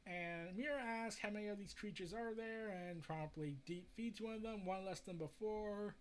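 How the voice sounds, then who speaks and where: A man's voice: sits high, normal speed, few pauses. A man casually recapping and reading a comic book aloud. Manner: casual, summarizing. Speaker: comic reviewer.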